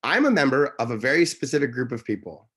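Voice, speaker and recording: A man's voice: big pitch swings, fast talker, fairly bright tone, slightly rough. Passionate guy on an interview, talks with heat, voice jumps up when he gets worked up. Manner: intense, emphatic, pitch jumps high when worked up. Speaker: interview guest. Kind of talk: impassioned conversational interview.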